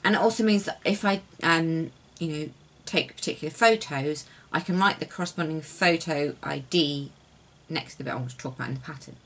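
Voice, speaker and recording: A young woman in a casual knitting vlog, talking at home in a rambling, soft-spoken way that often sinks to near-whispers. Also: low voice, fairly quick. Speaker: knitting designer and yarn dyer. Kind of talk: casual chatty craft vlog.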